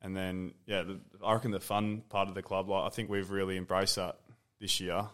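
A man's voice: low voice, level tone, fairly quick, fairly bright tone. A young Australian man, a footballer guest, telling club stories in casual chat. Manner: laughing storyteller.

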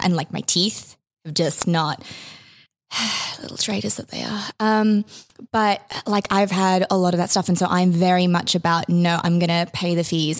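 A woman co-hosting a podcast in casual chat, talking freely with lots of fillers and the odd swear word. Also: on the low side. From immigrant living in Australia. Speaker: podcast co-host.

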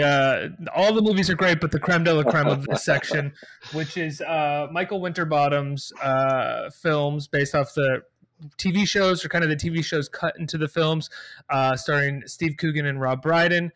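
A man's voice: fairly high pitch, normal speed, fairly bright tone. A man co-hosting a podcast, talking enthusiastically and casually about films. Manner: enthusiastic, lists titles and dates. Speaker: podcast co-host. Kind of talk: casual film discussion.

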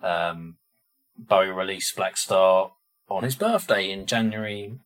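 Deep-voiced man in easygoing podcast chat. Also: unhurried. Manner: relaxed, thinking aloud with many "you know" fillers. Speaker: podcast co-host presenting the songs.

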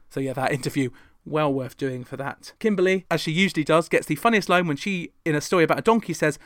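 A man's voice: a little high, fast talker, dry recording, clean studio sound. A man hosting a chatty pop chart commentary with wry, sarcastic asides. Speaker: host.

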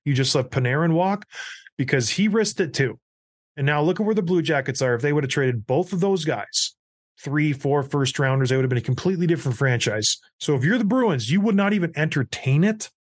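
A man hosting a casual hockey talk show, firing off excitable, rapid questions. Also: fairly high pitch, no room sound, studio quality. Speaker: sports talk show host.

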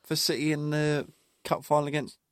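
A man's voice: fairly high pitch, completely flat delivery, normal speed, dry recording, clean studio sound. A man co-hosting a casual football podcast, reading from notes and recounting old match details. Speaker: podcast co-host.

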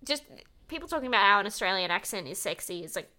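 A woman's voice: mid-range voice, expressive, quick pace, bright, forceful tone. A young woman co-hosting a podcast, chatting casually and animatedly, laughing often and acting out quotes. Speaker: podcast co-host. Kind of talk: casual chat recapping a reality show.

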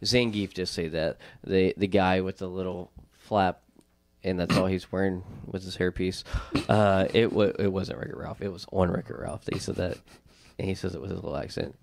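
A man co-hosting a casual chat show, excitable and quick to jump in, laughing and restarting often. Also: sits low, creaky.

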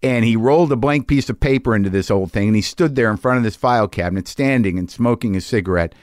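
A man's voice: fairly low pitch, fast, a little mellow, dry recording, studio quality. A man hosting a podcast, speaking in a loose, rambling way with lots of fillers and restarts before reading poetry aloud. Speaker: podcast host. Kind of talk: casual monologue and poetry reading. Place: home garage studio.

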